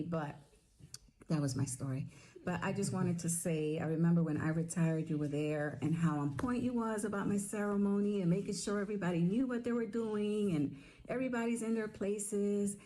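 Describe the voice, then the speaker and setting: A middle-aged woman recording a casual video message for a friend, chatty and animated, telling a playful teasing story. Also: fairly low pitch, moderate pace, a little hiss or hum, rough recording. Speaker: retired sailor, friend giving a video tribute.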